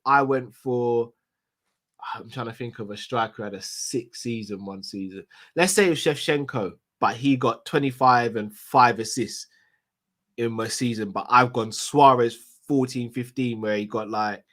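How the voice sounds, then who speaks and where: A man's voice: mid-range voice, moderate pace, fairly bright tone. A man co-hosting a football fan call-in show, talking in an easygoing, chatty way. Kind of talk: casual chat.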